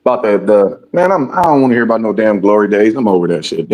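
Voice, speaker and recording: A man's voice: fairly low pitch, quick pace, darkish tone. A man co-hosting a sports talk show, blunt and opinionated, peppering his talk with "man". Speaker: podcast co-host. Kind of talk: casual sports chat.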